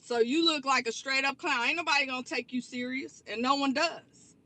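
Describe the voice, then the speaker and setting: Woman vlogger, high pitch, bright tone, blunt and profane rant. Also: fairly quick. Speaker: online commentary creator. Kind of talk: angry rant vlog.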